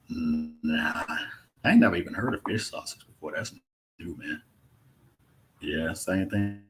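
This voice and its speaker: A man's voice: low voice, unhurried, a little hiss or hum. A young man from Mississippi with a Southern accent, casually chatting through a livestream Q&A and reading viewer comments aloud. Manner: laid-back, drawling, says "man" often. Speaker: travel vlogger hosting a live Q&A. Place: indoors in a rented apartment.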